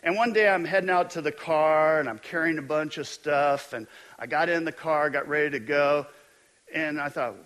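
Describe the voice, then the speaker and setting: A middle-aged male pastor preaching a sermon, telling stories with animated, self-mocking humor. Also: a little high, normal speed.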